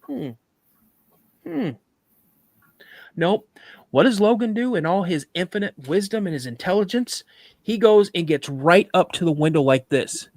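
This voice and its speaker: A man telling a personal story on a live podcast, animated, acting out sounds and voices as he goes. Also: high voice, moderate pace, no echo.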